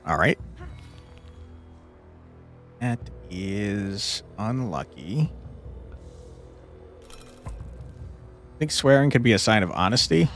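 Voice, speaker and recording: A man's voice: fairly low pitch, lively intonation, very slow, long pauses, fairly bright tone, faint music behind. A young man streaming a card game, talking to his chat between moves, swearing and venting at tough fights. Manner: swears a lot, frustrated outbursts and laughs; chats with viewers between moves. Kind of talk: live gameplay commentary.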